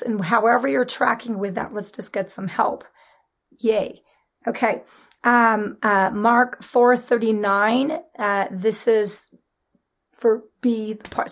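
A woman preaching a sermon in an animated, conversational way, with dramatic emphasis and laughter. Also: a little high, vocal fry.

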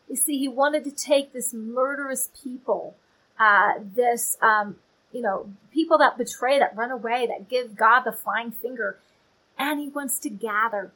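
Bright, lively woman teaching the Bible. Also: a little high, measured pace, rough recording. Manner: chatty and animated, with playful asides.

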